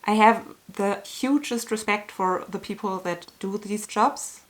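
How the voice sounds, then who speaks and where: A woman chatting to her camera in a candid, earnest vlog. She picks her words slowly, with small restarts, and lets feeling show through now and then. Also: mid-range voice. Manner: earnest, candid, sometimes emotional and softly laughing; slow, searching phrasing with small restarts. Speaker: YouTuber answering a tag. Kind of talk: casual talk to camera.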